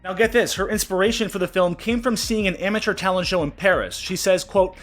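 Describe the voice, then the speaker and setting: A man's voice: high-pitched, fairly quick, a bit bright, soft background music. A man hosting his channel, ranting in indignant outrage, swearing often and stumbling over repeated words. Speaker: channel host. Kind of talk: angry commentary rant.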